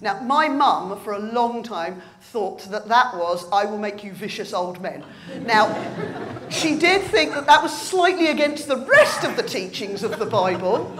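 A woman delivers a light-hearted sermon, her voice sitting a little high and swinging widely in pitch. She tells the story with playful energy. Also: unhurried, crowd noise. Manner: animated storytelling, acting out voices. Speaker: preacher. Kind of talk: humorous sermon. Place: church.

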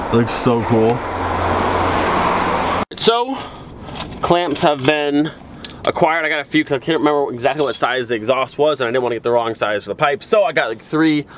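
Young man, casual car vlog, rambling and exasperated, lots of fillers, mid-pitched, faint road noise. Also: moderate pace, pauses often. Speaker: car vlogger.

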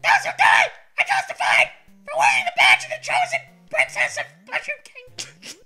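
Squeaky mushroom man wailing rock lyrics. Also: huge pitch swings, moderate pace, pushed and bright, raised voice, faint music behind, full character voice. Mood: belting. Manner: shrieks song lyrics in a strained falsetto. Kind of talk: playful voice impression on a game stream.

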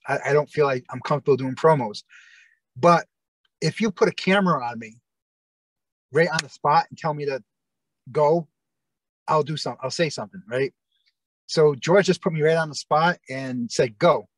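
Man, casual interview storytelling, rambling with fillers, somewhat high voice, dry recording. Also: no room sound. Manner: rambling, many fillers and restarts. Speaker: interview guest.

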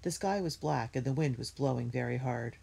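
Low, husky woman reading a storybook. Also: moderate pace, mellow. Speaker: reader.

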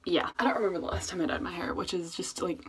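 A woman's voice: lowish voice, fast talker, very noisy. A woman vlogging at home in a casual, rambling, self-mocking way, muttering asides to herself. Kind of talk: casual chat. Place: at home, indoors.

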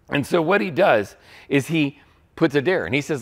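Animated male pastor preaching. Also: a little high, normal speed, creaky. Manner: animated storytelling, acts out quotes. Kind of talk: sermon.

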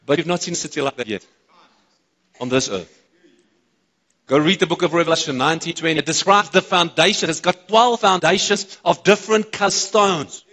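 Preaching in a church auditorium, a South African pastor speaks fairly quickly in a fairly high voice that rings out with a long reverb. Excitable, he bounces questions off the congregation.

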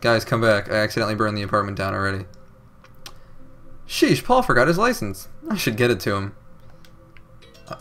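A man's voice: on the low side, expressive, fairly quick, pauses often, fairly bright tone, faint music behind. A young man doing casual let's play commentary, reading game dialogue aloud with a sarcastic, jokey manner. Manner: sarcastic, jokey, reads game text with odd inflections.

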